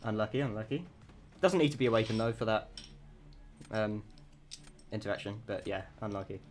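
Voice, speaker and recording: A man's voice: on the low side, brisk, soft background music. A young man commentating casually on a live game stream, chatty and self-mocking.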